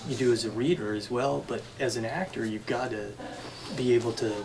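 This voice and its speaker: A man hosting an interview, speaking in a halting way with frequent restarts. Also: medium pitch, steady tone, background noise. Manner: halting, many fillers and restarts. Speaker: host. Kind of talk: interview conversation.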